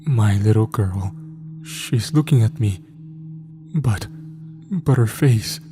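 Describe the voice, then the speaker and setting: A man's voice: on the low side, slow, music in the background. A man voicing a terrified young male soldier who stammers and whispers in a trembling voice as he breaks down. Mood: panicked.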